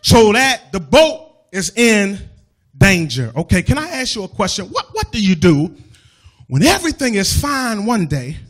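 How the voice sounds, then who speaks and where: A man preacher delivering a sermon in a church, with a rhythmic, sing-song, half-shouted cadence. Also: sits high, huge pitch swings, moderate pace.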